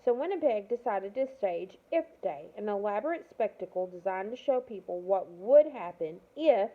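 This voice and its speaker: A woman's voice: mid-range voice, lively intonation, moderate pace. A woman reading a children's novel aloud, now and then stumbling and correcting herself. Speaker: reader of a novel. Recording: tinny phone-like audio.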